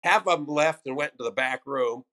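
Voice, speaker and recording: A man's voice: mid-range voice, a little fast. An older American stand-up comedian telling loose, salty stories from his career in a casual interview. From United States. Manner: loose, profane anecdotes with animated quoted voices.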